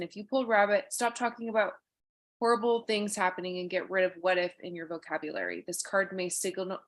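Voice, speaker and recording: A woman guest reading a spiritual card story aloud and chatting in an earnest, reflective way. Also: lowish voice.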